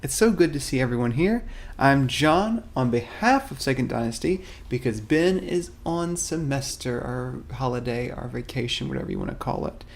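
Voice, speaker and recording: A man's voice: mid-range voice, lively intonation, moderate pace, gravelly. A man filling in as host of a weekly product update. He chats casually and playfully with viewers, greeting them by name, rambling and joking at his own expense. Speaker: stand-in host of a miniatures studio's weekly update. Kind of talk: casual product showcase, chatting to live viewers.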